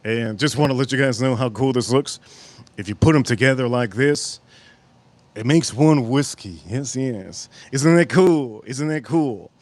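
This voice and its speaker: Speaking at a normal speed in a medium-pitched voice, the host of a cooking and whiskey channel livestreams, rambling and joking as he goes off on tangents. Between them, he reads viewer messages aloud and thanks people.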